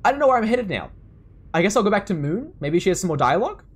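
A young English man giving excitable let's-play commentary, laughing and yelling at the game. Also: high-pitched, fast talker, husky. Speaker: gamer.

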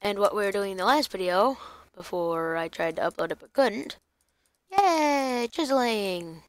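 A woman's voice: medium pitch, expressive, fairly quick, no echo. Young woman, gaming commentary, rambling, sing-song asides, dry close recording. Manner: rambling, breaks into silly sing-song bits. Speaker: gaming YouTuber.

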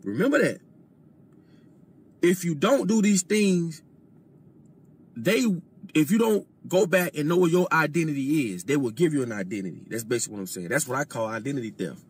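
A man speaking as a guest on a casual podcast, lecturing in a deliberate way and often dropping his voice low. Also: lively intonation, breathy edge.

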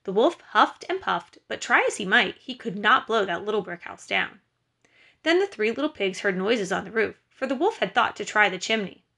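A woman's voice: mid-range voice, moderate pace. Woman teacher reading aloud. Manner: clear, patient teacher talk, animated reading. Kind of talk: recorded lesson with read-aloud.

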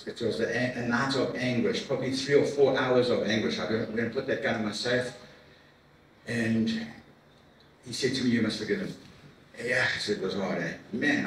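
A middle-aged man giving a heartfelt personal testimony to a men's breakfast, earnest and emotional, halting with repeats and fillers. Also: fairly low pitch, fairly bright tone. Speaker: guest speaker at a men's breakfast. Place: large room at a church men's event. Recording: echoey hall from far off with faint noise.

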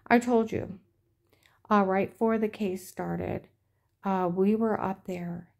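A woman's voice: mid-range voice, steady tone, takes it slowly, vocal fry, a little mellow. A middle-aged woman telling a rambling personal story in an aggrieved, indignant way. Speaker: vlogger.

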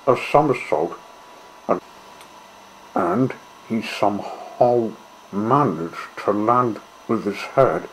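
A man reading a children's story aloud in a gentle, measured way. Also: mid-range voice, a little hiss or hum, rough recording.

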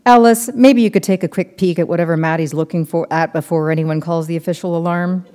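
A woman's voice: lowish voice, steady tone, fast talker, dark tone, natural voice. A woman reading aloud, voicing a pushy male monster hunter who gives urgent orders. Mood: impatient.

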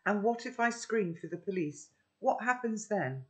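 A man's voice: expressive, moderate pace, fairly bright tone. A man reading aloud and voicing a young girl who is startled but stands up for herself in short, pointed questions. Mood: indignant. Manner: high, questioning, defiant.

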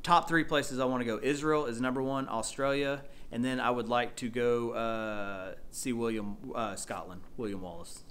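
A man, chatting excitedly as he shows off his finds in a casual vlog. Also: mid-range voice, moderate pace, hardly any pauses, smooth. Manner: excitable, chatty, says y'all. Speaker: storage unit reseller vlogger. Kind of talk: casual show-and-tell vlog.

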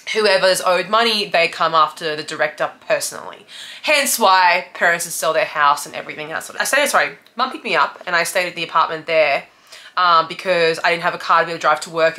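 Bright-voiced woman, raw confession. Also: lowish voice. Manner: raw, confessional, swearing often, laughing through hard memories. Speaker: business owner. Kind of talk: candid personal storytelling.

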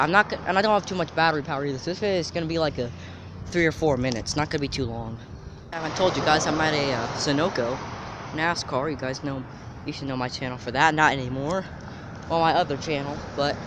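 Vlogger, plane spotter, chatty rambling commentary, outdoor street noise, mid pitch. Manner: excitable, rambling, chatty asides. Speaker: plane spotter filming overhead jets. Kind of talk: casual running commentary to camera. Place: outdoors by a gas station near an airport.

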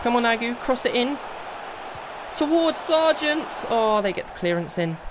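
A young man commentating his own football video game, bursting into exasperated shouts and then settling into calm planning. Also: very high voice, normal speed, noisy background. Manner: excitable, swings between exasperated outbursts and calm planning. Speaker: gaming video creator. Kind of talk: live gameplay commentary.

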